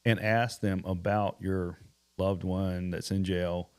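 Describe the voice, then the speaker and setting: A man's voice: sits low, little pitch movement, slow, darkish tone, smooth. A man hosting a bail bonds podcast, giving earnest warnings in casual chat. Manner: earnest, warning tone, repeats points.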